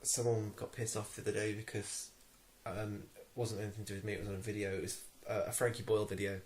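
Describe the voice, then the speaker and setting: A man's voice: on the low side, flat delivery, fast, darkish tone, slight background noise. Irritated young Englishman ranting. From England. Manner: irritated, rambling with many ums and restarts. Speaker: vlogger. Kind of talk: ranting to camera.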